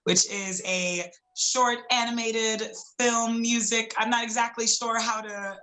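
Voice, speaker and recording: A woman's voice: fairly high pitch, steady tone, unhurried, pushed and bright, low-quality recording. A woman hosting a casual interview for a film festival, making chatty, friendly introductions.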